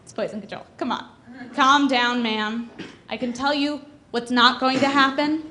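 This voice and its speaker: A woman voicing a bored, rude man answering calls at a poison control line, speaking flat and dismissive, pitched well below her own voice. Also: moderate pace, a little hiss or hum.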